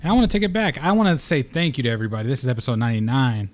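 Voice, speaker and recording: A man's voice: mid-range voice, sing-song, very fast. Young man, podcast host, casual chat, joking, swears a lot. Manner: loose, joking, swears freely.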